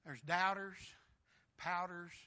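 A man preaching, his voice pitched high and bright. He talks in a folksy, exclamatory way, keeps calling out for amens, and pushes his voice hard. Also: steady tone, slow pace. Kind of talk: sermon.

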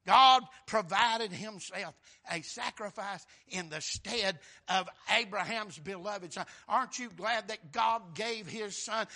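Preacher guy, high bright voice, hollers amen and brother, swings from quiet to shouting. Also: slow, hardly any pauses. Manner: fervent preaching, bursts into shouts on key lines; sprinkles "Amen" and "brother", quotes scripture in old wording. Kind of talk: sermon.

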